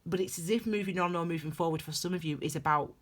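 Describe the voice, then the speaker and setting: A woman's voice: on the low side, fast talker. A middle-aged woman giving a casual tarot reading, rambling and digressing with many restarts. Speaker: tarot reader.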